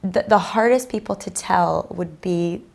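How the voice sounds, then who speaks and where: A woman in her thirties speaks as an interview guest, candid and reflective, with a low voice. Gravelly fry runs through her speech. She often pauses on fillers as she thinks. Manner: open, reflective, many fillers. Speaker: guest, prenatal class teacher.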